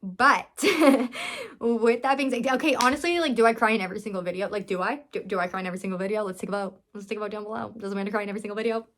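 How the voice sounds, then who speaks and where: Speaking fast and expressively, a young woman with a mid-range, slightly bright voice pours her heart out to her viewers in a casual talk to camera. She's a vlogger who owns a business, and her earnest, emotional delivery rambles with frequent restarts.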